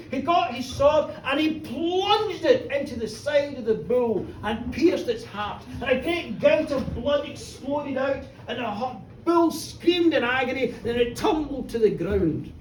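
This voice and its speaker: A woman tells an old folk tale to a live audience, swinging between booming bursts and hushed, drawn-out lines. She is picked up from across a roomy space, with a faint hiss underneath. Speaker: storyteller. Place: pub function room with a live audience. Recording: roomy live pub recording from far off.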